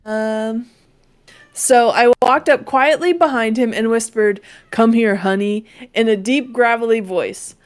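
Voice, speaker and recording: A woman co-hosting a casual podcast reads a listener's story aloud. Her voice sits a little high, and she keeps a dry, unbothered tone, dropping in quick asides.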